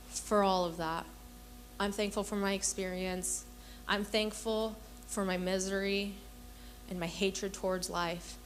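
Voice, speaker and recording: A young adult woman with a mid-range voice tells heartfelt stories as part of her personal testimony at a women's church gathering, voicing the people she quotes. Slight background noise can be heard.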